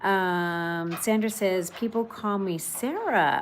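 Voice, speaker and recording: A woman's voice: medium pitch, a little slow, slight background noise. A woman hosting a casual livestream from her patio, chatting and reading viewer comments aloud. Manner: chatty, warm greetings, many fillers. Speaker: livestream host. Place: outdoor patio at home.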